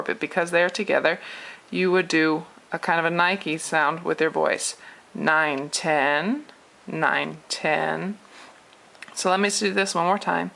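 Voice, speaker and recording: A woman's voice: low voice, creaky, fairly bright tone. A young woman teaching Mandarin tones in a casual spoken lesson, patiently counting numbers aloud to demonstrate. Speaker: Mandarin tutor.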